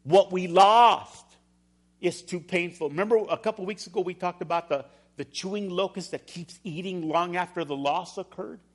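A man's voice: high-pitched, a little fast, few pauses. A man pastor preaching a sermon in church, firing rhetorical questions with emphasis.

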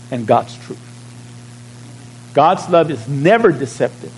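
A man preaching at a measured, unhurried pace, his voice sitting a little high. He speaks plainly, like a pastor in conversation with his flock, drawing out key words and checking in with the congregation. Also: sing-song, a little mellow, slightly rough, poor audio. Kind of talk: sermon.

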